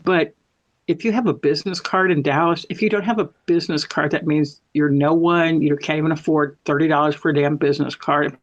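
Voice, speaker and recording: On a dull, dry lo-fi recording, a man with a fairly high, steady voice talks briskly. As a guest in a casual anecdotal chat, he tells a meandering story and keeps correcting himself.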